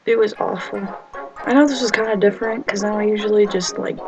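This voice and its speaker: A young woman vlogger telling a story to camera in a casual, animated way, acting out the voices of the people she quotes. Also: medium pitch, quick pace, music in the background, low-quality recording. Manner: animated, acts out quoted voices, nervous humor.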